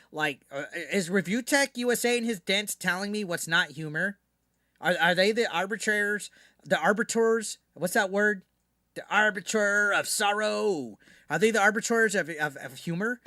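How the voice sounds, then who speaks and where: A man with a high-pitched, bright and forceful voice rants to his live-stream chat in a brash, profane, mocking way. He talks at a moderate pace, sounding dry and close on a desk mic.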